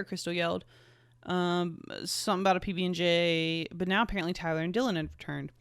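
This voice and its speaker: A woman's voice: on the low side, a little fast, no echo, clean studio sound. Sarcastic young woman podcaster. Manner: sarcastic, swears a lot, laughs at herself. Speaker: podcast host. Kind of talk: reading her own fanfiction aloud with commentary.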